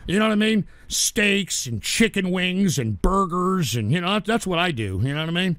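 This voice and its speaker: A man hosting a live show, ranting angrily and profanely at his chat and breaking into shouts. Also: sits high, big pitch swings, brisk, hardly any pauses, no echo. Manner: angry, profane, bursts into shouting. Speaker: livestream show host.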